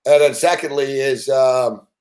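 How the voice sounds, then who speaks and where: A man's voice: mid-range voice, measured pace, a little mellow. A man hosting a show, telling a rambling, profane story in casual chat and laughing often. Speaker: show host.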